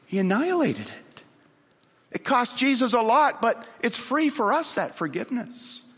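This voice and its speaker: A man preaching a sermon, telling a story dramatically and swinging from loud to hushed. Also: very high voice, big pitch swings, moderate pace, breathy edge. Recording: long hall reverb.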